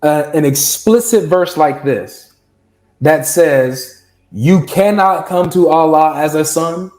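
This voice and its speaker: A man in a casual debate over a video call, pressing a precise point in a measured way. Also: on the high side, darkish tone. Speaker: Christian debater. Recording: roomy echo.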